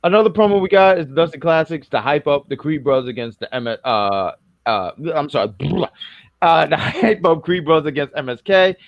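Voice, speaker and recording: A man's voice: on the high side, normal speed, no echo, muffled recording. A man from New York co-hosting a casual wrestling review podcast, rambling and self-correcting as he jokes around.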